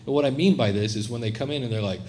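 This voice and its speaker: A man's voice: medium pitch, rapid-fire, slight background noise. A middle-aged man presenting at a conference, talking casually to a live audience and acting out quoted voices. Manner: animated, acts out quoted voices. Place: conference room, live session.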